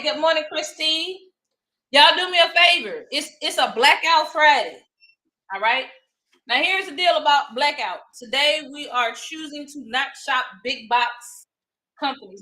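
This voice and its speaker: Woman from Louisiana, live stream host, bright voice, chatty, greets viewers by name. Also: a little high. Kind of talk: casual live stream chat.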